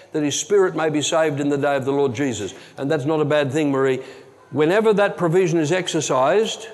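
Man preaching in a reverberant church. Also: on the high side. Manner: earnest, drops to a hushed tone for dramatic moments. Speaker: pastor. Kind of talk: sermon storytelling. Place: church hall. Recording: long hall reverb.

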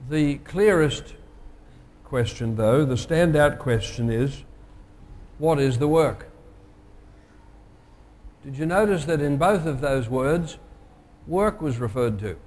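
A pastor delivering a sermon, measured and emphatic, slowing down to stress key phrases. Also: male voice, fairly high pitch, lively intonation, darkish tone. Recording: long hall reverb.

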